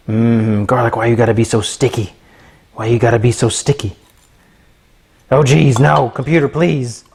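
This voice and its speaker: A man's voice: medium pitch, vocal fry, darkish tone, a little hiss or hum. A man hosting a cooking livestream from his kitchen, chatting playfully and joking with viewers as he cooks. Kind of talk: casual livestream chat while cooking. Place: home kitchen.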